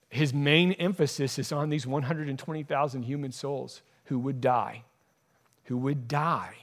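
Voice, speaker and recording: Emphatic male preacher in a sermon. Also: medium pitch. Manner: emphatic, repeats key phrases for stress. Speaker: pastor.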